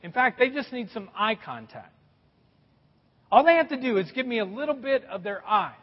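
A man's voice: normal speed, in a large hall, highs cut off. A middle-aged man preaching a sermon as a pastor, telling stories with a lot of swings in his voice. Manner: animated storytelling with a lot of pitch swings.

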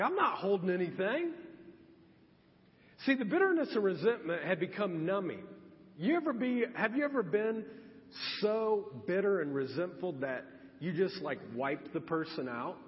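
A man preaching from the pulpit, sharing a personal story as if talking with friends. His voice sits a bit high, and a long church reverb trails each phrase. The recording sounds muffled and lo-fi. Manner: conversational, confiding storytelling. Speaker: pastor. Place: church sanctuary. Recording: reverberant hall, dull lo-fi sound.

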